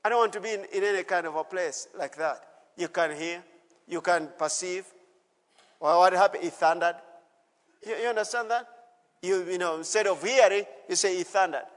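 A man's voice: high-pitched, moderate pace. A male pastor preaching a sermon with call-and-response, exhorting the congregation and repeating his phrases in a church service. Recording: long reverb of a church hall.

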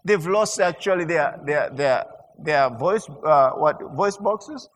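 A man preaching a sermon in an animated way, stammering through restarts and building to emphatic peaks. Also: on the high side, slow. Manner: animated, mimics mock prayer sounds and laughs. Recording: long hall reverb.

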